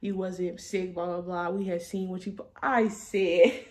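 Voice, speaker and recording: A woman's voice: lowish voice, level tone, a little slow. A woman in her twenties, a vlogger, telling a casual story in blunt, profane slang and laughing as she goes.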